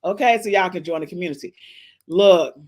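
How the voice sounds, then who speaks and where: A woman's voice: lowish voice, brisk. A woman hosting a casual live-stream podcast, talking playfully to her chat and calling out meows. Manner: animated, playful, says meow to the chat; African American Vernacular English speech patterns. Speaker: podcast host.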